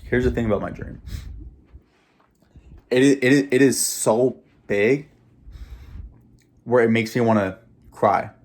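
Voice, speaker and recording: A man's voice: mid-range voice, a little slow, pauses often, darkish tone. A young man talking straight to camera about his dreams in a casual, rambling way, repeating words and laughing, choked up with emotion. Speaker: vlogger. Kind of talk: casual motivational monologue.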